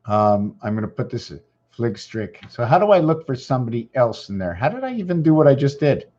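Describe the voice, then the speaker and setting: A man's voice: mid-range voice, big pitch swings, fairly quick, a little mellow. Rambling man on a dull lo-fi mic. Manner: distracted, thinking aloud, repeats himself. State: losing his voice. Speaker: channel host. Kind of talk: rambling casual livestream talk. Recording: dull lo-fi recording.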